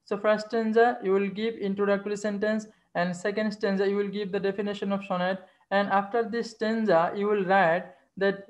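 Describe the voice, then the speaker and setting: Halting woman teacher explaining exam answers. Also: medium pitch, flat delivery, a little mellow. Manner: halting, many restarts and fillers, repeats phrases. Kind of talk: exam-answer literature lesson.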